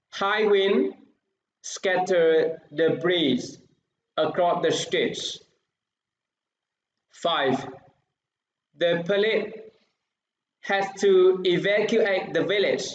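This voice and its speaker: A man teaching an English lesson, reading out answers at an unhurried crawl. His voice sits fairly high for a man. The sound is roomy and a bit dull. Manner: slow, deliberate reading of numbered answers.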